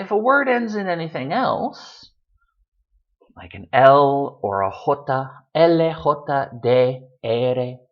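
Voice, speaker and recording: A man explains pronunciation rules to his students in a patient, conversational way, dropping in casual fillers as he goes. His pitch rises and falls a lot from one phrase to the next. The recording sounds dull and lo-fi. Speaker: Spanish teacher.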